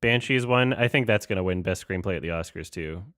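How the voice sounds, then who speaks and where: A man's voice: low voice, a little fast, a bit bright, no room sound, clean studio sound. A young man hosting a casual online hangout, thinking aloud as he reads through award results. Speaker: host. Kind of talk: casual chat.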